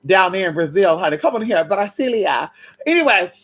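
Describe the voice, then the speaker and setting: A woman's voice: mid-range voice, big pitch swings, fairly quick. A woman vlogger telling a brash, profane story straight to her viewers in a chatty way. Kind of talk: storytime chat to camera.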